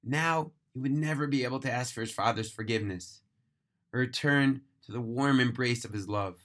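Bright-voiced man reading a story dramatically. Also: medium pitch. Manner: earnest, emphatic, slowing on key phrases. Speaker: narrator. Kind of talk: dramatic storytelling read-aloud.

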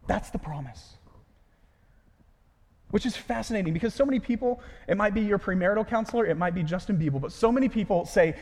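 Male pastor, high voice, earnest delivery that falls to a hush at phrase ends, long reverb around him. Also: expressive, fairly quick. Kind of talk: sermon.

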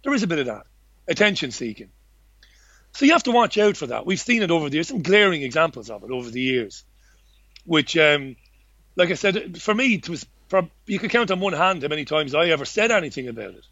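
A slightly high male voice with big pitch swings and a somewhat bright tone talks fairly quickly, with no echo. As a casual interview guest discussing his journalism career, he rambles and speaks bluntly, restarting often and swearing now and then, in a dull lo-fi dry recording.

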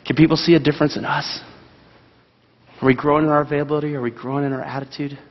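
A man's voice: a little high, little pitch movement, rapid-fire. A man preaching a sermon as pastor, earnest and asking his listeners direct questions. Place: church sanctuary. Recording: dull sound, long hall reverb.

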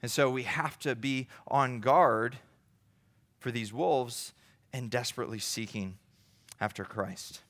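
A man's voice: mid-range voice, measured pace, fairly bright tone. A man preaching a sermon in an earnest, conversational way, building to emphatic rises.

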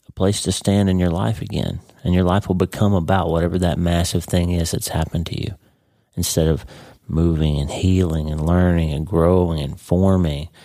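A man's voice: sits low, gravelly, warm tone, no echo, studio quality. A man hosting his podcast in a casual spoken monologue, earnest and emphatic, often repeating his words. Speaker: podcast host.

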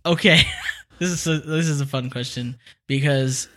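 A man's voice: medium pitch, moderate pace. An American man from California, a young adult podcast co-host in casual chat who laughs often and mocks himself. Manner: laughs often, animated, self-mocking.

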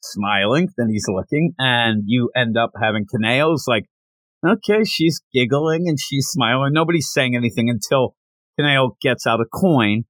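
A man's voice: medium pitch, expressive, moderate pace, a bit bright, no room sound. A man hosting a casual podcast, recapping a comic chapter in a chatty, slangy way and reading characters' lines aloud. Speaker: podcast host.

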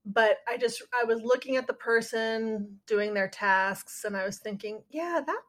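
A woman's voice: a little high, level tone, normal speed, fairly bright tone. A woman in casual chat as a podcast co-host, thinking aloud with hedges and self-aware asides.

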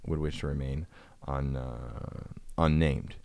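A man's voice: rumbling low, sing-song, measured pace, creaky, a little mellow, dry recording. A man hosting a casual chat, joking and rambling as he reads out listener emails. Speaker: podcast host.

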